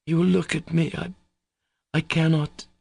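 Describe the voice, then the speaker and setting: A man's voice: fairly high pitch, lively intonation, normal speed, creaky, a little mellow, husky, dry recording, pitched above the performer's own voice, exaggerated voice. A man voicing a proud, anguished young woman in an audiobook, who falters and stammers. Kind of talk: audiobook character voice.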